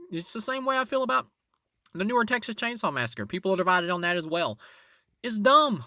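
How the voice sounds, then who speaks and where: Animated man giving a film review. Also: fairly quick, no room sound, clean studio sound. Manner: animated, voice jumps up high for emphasis. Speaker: movie reviewer, channel host. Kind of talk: casual spoken film review.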